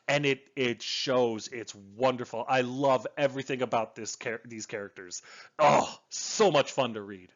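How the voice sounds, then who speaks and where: A man talks through a book in a casual, rambling way, full of restarts and asides. His voice sits at an ordinary middle pitch. The recording is dull and lo-fi, like a home setup. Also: unhurried. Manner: enthusiastic, rambling with fillers and restarts. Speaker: book reviewer. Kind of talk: casual spoken book review.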